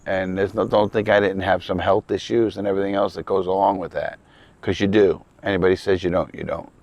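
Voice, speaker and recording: A New York City man with a New York accent talks to the camera at a lakeside campground, his low voice a little mellow, a little fast, and fairly even in intonation, in a dry recording. An ex-criminal vlogger, he's blunt, profane, rambling, and earnest.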